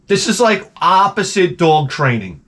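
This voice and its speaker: A man's voice: high voice, very animated, a little slow, a bit bright. A man hosting a casual monologue, telling stories in a profane, self-mocking way. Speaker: host.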